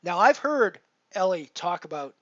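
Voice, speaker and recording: A man's voice: high-pitched, sing-song, measured pace, a bit bright, dry recording, muffled recording. A man casually chatting to his viewers while he plays online poker, rambling with lots of fillers and restarts. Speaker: poker streamer. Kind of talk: casual live-stream commentary.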